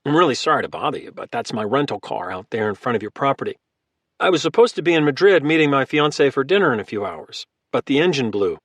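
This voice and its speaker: A man voicing a calm, calculating former Marine who talks in a friendly, easygoing way. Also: mid-range voice, fast, no echo. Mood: casual. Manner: casual and friendly, turning hard.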